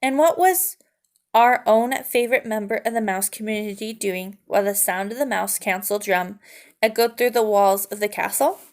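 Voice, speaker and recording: A woman reading a children's novel aloud with an expressive storytelling cadence. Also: mid-range voice. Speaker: narrator.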